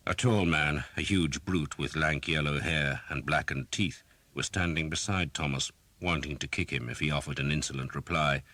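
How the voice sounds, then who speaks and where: Very deep-voiced male narrator. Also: pushed and bright, dry recording. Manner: measured, dramatic. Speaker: audiobook narrator. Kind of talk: scripted narration.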